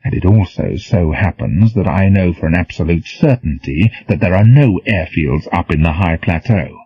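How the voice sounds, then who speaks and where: A man reads out a young officer who sneers and distrusts everyone, with a deep, husky voice. The tone is scornful and sarcastic throughout, set in a dull, dry, lo-fi audiobook recording. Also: lively intonation, moderate pace, dry recording, full character voice. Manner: scornful, suspicious.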